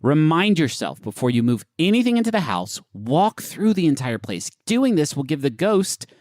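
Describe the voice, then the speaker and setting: A man's voice: moderate pace, no room sound, clean studio sound. A man co-hosting a comedy podcast, reading an advice article aloud with jokey, swinging delivery. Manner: animated, jokey, swings between high and low pitch while reading aloud. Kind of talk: casual comedic podcast banter.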